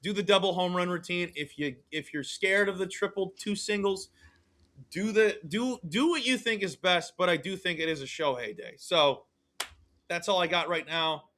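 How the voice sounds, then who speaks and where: A man co-hosting a sports betting podcast, chatting casually and telling rambling, animated stories. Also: sits high, normal speed. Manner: rambling, animated storytelling with laughs. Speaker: co-host.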